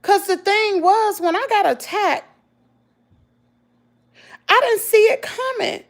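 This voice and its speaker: A very high voice, taken slowly, belongs to a middle-aged Southern woman who vlogs. She tells her viewers about hard times casually and emotionally, with animated storytelling and plenty of "y'all."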